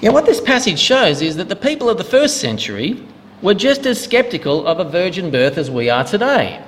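A man's voice: sits high, sing-song, fairly quick, a little hiss or hum. A male minister giving a sermon in a church, in a conversational preaching manner with a joke to open. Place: church hall. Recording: long hall reverb.

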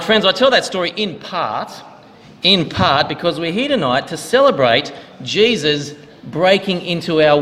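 A man's voice: sits high, fairly bright tone. A male minister giving a sermon in a church, in a conversational preaching manner with a joke to open. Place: church hall. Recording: long hall reverb.

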